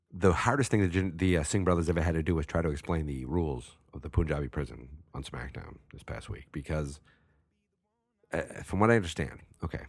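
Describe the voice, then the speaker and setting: A man's voice: very deep voice, slightly rough, no echo, clean studio sound. A man with a Massachusetts accent, hosting a wrestling talk show in rambling, profane, self-mocking casual chat. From Massachusetts, USA.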